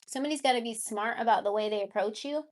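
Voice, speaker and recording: A woman's voice: on the high side, fast talker. A woman giving a live tarot reading, chatting casually with her viewers. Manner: baby talk to her cat. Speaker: tarot reader.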